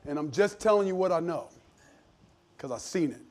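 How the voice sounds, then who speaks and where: Pastor, forties, preaching earnest and emphatic, slightly higher voice, folksy restarts. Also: male voice, expressive, normal speed, a little mellow. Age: 40s. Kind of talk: sermon.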